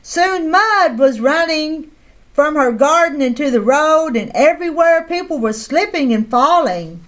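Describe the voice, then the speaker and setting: Storyteller, woman, high voice, slow and expressive read-aloud for kids. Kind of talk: reading a picture book aloud.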